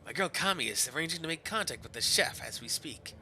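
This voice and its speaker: A man voicing a sly, polite Turkish shopkeeper who talks in a formal, smooth, mock-courteous way. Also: on the high side, lively intonation, quick pace, pushed and bright, slight background noise, exaggerated voice, poor audio.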